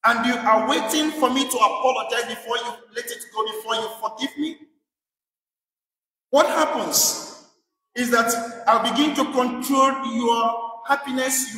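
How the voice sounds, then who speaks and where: High-voiced preacher in an echoey church. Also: male voice, sharp tone, far from the mic. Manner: emphatic, repeating rhetorical questions. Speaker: priest. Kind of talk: sermon. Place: church in England.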